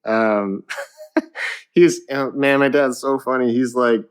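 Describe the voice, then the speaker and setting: Animated young man telling stories. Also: medium pitch, slow, clean tone. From Canada. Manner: animated storyteller, laughs a lot, swears casually. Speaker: guest musician. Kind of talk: casual interview chat.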